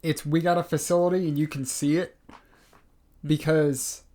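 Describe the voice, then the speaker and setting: A young man co-hosting a casual podcast, chatting in a relaxed, halting way. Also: fairly high pitch. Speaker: podcast co-host. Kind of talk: casual chat.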